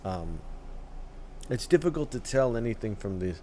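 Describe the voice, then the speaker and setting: A man hosting a reaction video, talking casually in halting phrases with many fillers and restarts, often tagging "right?" and "dude.". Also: lowish voice, sing-song, dark tone, slight background noise.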